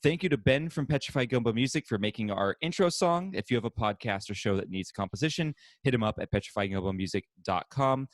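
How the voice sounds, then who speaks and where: A man hosts a casual podcast from his home, laughing easily as he runs through the plugs. His pitch sits in an ordinary middle range, and the sound is dry and close, with almost no room echo. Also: expressive, fast talker, few pauses. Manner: laughs often while plugging the show. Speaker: podcast host. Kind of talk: casual chat and show plugs.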